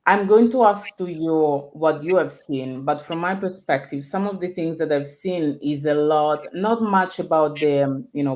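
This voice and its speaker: A woman with a low-pitched voice hosts a casual online conversation. English is not her first language, and she talks in a reflective, friendly way with frequent laughs. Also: darkish tone. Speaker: host. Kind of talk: casual interview chat.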